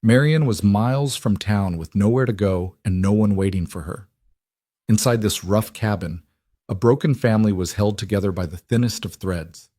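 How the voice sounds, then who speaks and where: A man reading a romance story aloud as scripted narration, steady and even. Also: on the low side, normal speed, dry recording, clean studio sound. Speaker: audiobook narrator.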